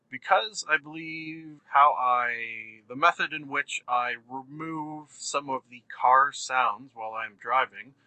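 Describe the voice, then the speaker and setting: Bright, edgy-voiced male podcast host joking his way through a solo show from the driver's seat. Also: on the high side, slight background noise, low-quality recording. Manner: goofy, jokey, rambling. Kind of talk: casual solo monologue. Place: in a moving car.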